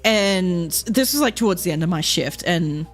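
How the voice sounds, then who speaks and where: A woman's voice: on the low side, lively intonation, normal speed, soft background music. A woman, telling rambling stories in a casual chat with her viewers, swearing freely and laughing often. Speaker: VTuber streamer.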